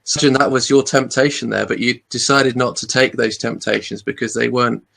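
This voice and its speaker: A man hosting an interview, reflecting slowly with many pauses and restarts. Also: mid-range voice, steady tone, vocal fry, pushed and bright. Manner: thoughtful, halting, with many restarts. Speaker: podcast host.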